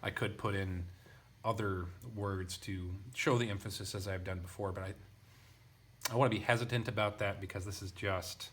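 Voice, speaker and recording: Low-voiced man thinking aloud over Greek text. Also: a bit bright. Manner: thinking aloud, hesitant, many restarts and asides. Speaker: Greek language teacher. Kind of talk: casual lesson.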